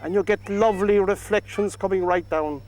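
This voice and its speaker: An Irish man giving a painting demonstration outdoors by a lake, talking gently and coaxing the paint onto the canvas. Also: sits high, fairly even intonation, moderate pace, poor audio. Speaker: painting instructor.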